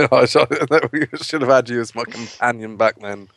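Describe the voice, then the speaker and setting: A man's voice: medium pitch, measured pace, gravelly, no room sound. A man co-hosting a casual podcast, bantering crudely and reading listener letters aloud.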